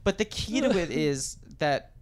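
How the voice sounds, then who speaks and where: A man in his thirties, a podcast guest telling an anecdote in casual chat, animated and digressive. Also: a little high, a little slow, a crowd in the background. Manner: animated, digressive storyteller, does voices.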